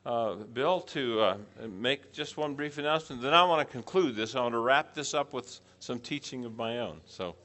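Middle-aged guy running a church class, bright voice, keeps asking the room questions and echoing what they say. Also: mid-range voice, animated, normal speed, few pauses. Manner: asks the group questions, repeats their answers. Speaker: preaching class teacher. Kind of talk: interactive class teaching.

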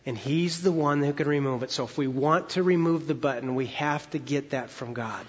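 A fairly high-voiced man preaching from the pulpit, his voice a little husky. He drags out key words for emphasis. The sound is dull and hangs in a long church echo. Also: moderate pace. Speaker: pastor. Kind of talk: sermon.

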